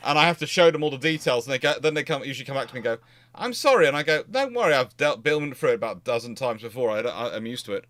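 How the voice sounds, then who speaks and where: A male naval historian hosting a casual livestream chat, animated and sarcastic, acting out both sides of the arguments he describes. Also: medium pitch, very fast, hardly any pauses, no room sound. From half Scottish, half Cornish.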